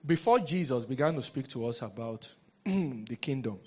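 A man preaching a sermon as a pastor, lively and rhetorical, often asking the congregation questions. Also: mid-range voice, moderate pace, husky.

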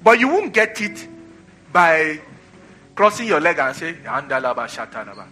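A man preaches with a bright, forceful voice pitched a little high. He drives home his points by repeating phrases and calling for answers from the congregation. Soft music plays faintly behind him. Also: animated, measured pace. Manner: call-and-response preaching, repeats phrases for emphasis. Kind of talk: sermon.

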